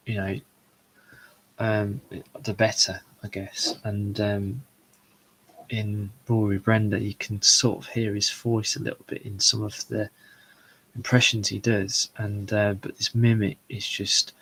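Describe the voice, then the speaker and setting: A man, hosting a solo live chat, talking in a rambling, halting way full of fillers and restarts. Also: lowish voice, fairly bright tone, husky, rough recording. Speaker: show host. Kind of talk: solo live chat about comedy shows.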